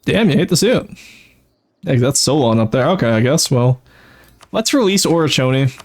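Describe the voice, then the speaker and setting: A man's voice: mid-range voice, expressive, moderate pace, darkish tone. A man streaming a strategy game, casually thinking aloud and explaining his tactics with frequent "uh"s and self-corrections. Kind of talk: casual live-stream commentary.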